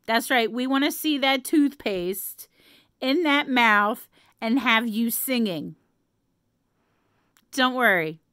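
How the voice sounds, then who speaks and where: Woman vlogger, playful chatty delivery, unhurried, dry close sound. Casual to-camera read. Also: on the high side, a bit bright, smooth, dry recording. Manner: playful, laughs often, drops to whispers.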